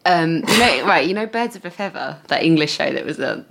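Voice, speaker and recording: A woman's voice: sits low, animated, a little fast, creaky, fairly bright tone. Giggly playful woman podcast co-host. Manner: giggly, playful, breaks into silly voices. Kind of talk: casual chat.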